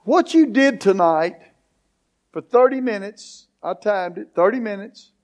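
A man preaching a sermon as pastor, building to emphatic questions and drawn-out lines. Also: sits high, lively intonation. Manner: preaching, rising to emphatic questions, slow deliberate phrasing.

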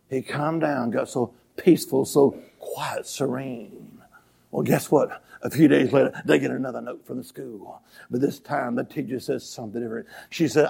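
A man preaching a revival sermon in a church, telling stories and breaking into shouted hallelujahs. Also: a little high, normal speed, gravelly, slightly rough. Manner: builds to shouting, exclamations of hallelujah. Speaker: evangelist preacher. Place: church sanctuary with congregation.

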